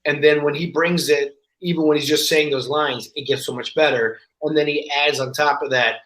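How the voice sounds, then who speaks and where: A man chatting as a guest on a podcast, telling anecdotes with lively energy. His voice sits a bit high and he slips into other people's voices as he quotes them. The sound is roomy, with a noticeable echo. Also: moderate pace. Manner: animated storyteller, acts out quoted voices. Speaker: guest actor. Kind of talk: casual podcast chat.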